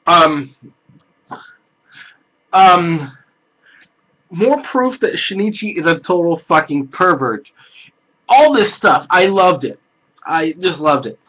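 A man giving an excitable, casual anime review, swearing a lot and breaking into loud exclamations. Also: on the high side, takes it slowly, pauses often, rough recording.

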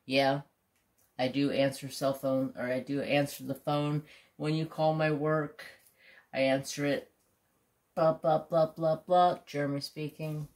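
A man's voice: medium pitch, little pitch movement, unhurried. A middle-aged man chatting casually and bluntly while doing a craft, rambling and swearing freely. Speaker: craft channel host. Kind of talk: casual chat while diamond painting.

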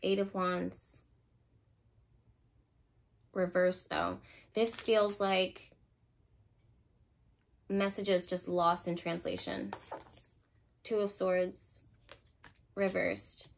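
A woman giving an intuitive pick-a-card tarot reading, speaking emotionally and thinking aloud as she turns cards, with sudden bursts of excitement. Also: fairly low pitch, extremely slow, gravelly, long pauses.

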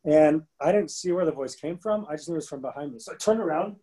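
A man in his thirties co-hosting a podcast, telling an animated story in a casual chat. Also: a little high, fast, slightly rough, poor audio. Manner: animated storyteller, bursts into rapping. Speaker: podcast co-host.

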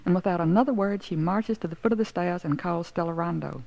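A woman's voice: lowish voice, fast talker, creaky. A woman reading a short story aloud as narrator, wry and aggrieved in tone, on a dull lo-fi recording.

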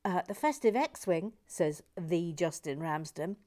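A woman hosts a relaxed building stream and reads viewer messages aloud, stumbling and restarting as she goes. Her delivery is playful, often sinking into a hushed whisper before rising into teasing mock indignation. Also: lowish voice, takes it slowly. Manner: playful, drifts between soft whispers and bursts of mock indignation. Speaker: host of a live building stream reading viewer comments. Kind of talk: chatty live-stream commentary while building.

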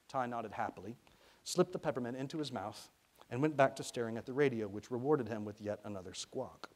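A man from Arkansas, an author reading his own fiction aloud in a lively, expressive way. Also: mid-range voice, a little fast.

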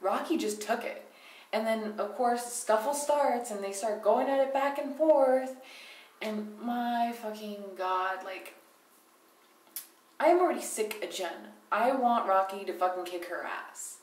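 A woman's voice: on the high side, measured pace, darkish tone, far from the mic. A young woman giving a casual, rambling recap of a reality show, swearing freely and opinionated, laughing as she talks. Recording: roomy echo, speaking away from the mic.

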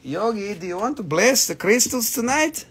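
A man's voice: high voice, very animated, normal speed, a bit bright, a little hiss or hum. A man hosting a live stream to sell minerals, joking around and swearing a lot as he chats. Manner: joking, goofy, swears often. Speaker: host selling minerals on a livestream. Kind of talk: live sales stream, playful chat.

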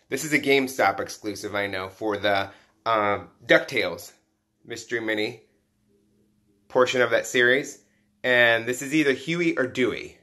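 A man with a medium-pitched voice unboxes collectible toys during a live stream. Excited and talkative, he greets his viewers by name in an easygoing way.

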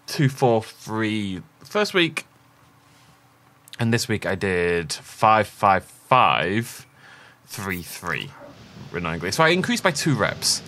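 A man with a lowish, bright, forceful voice chats casually while playing a game, hosting a let's play. He rambles and pokes fun at himself, and there's a little hiss or hum in the audio.

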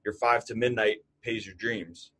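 A man's voice: lowish voice, steady tone, normal speed, a bit bright, poor audio. A man co-hosting a podcast, talking in an emphatic, fired-up, motivational way. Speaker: podcast co-host. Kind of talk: casual chat.

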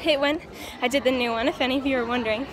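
A woman's voice: high-pitched, fairly even intonation, very fast. A woman vlogging casually from a dance competition venue, chatty and giggly as she talks into her phone. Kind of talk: casual vlog chat. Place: busy indoor competition venue. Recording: crowd and music in the background.

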